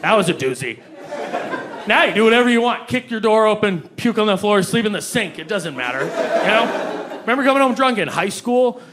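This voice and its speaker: High-voiced young male stand-up comic. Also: fairly quick. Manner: animated, jumps into high-pitched acted voices for quoted people. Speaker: stand-up comedian. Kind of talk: stand-up comedy set. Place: comedy club stage before a live audience. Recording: live club recording with loud crowd and noise. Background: audience laughter.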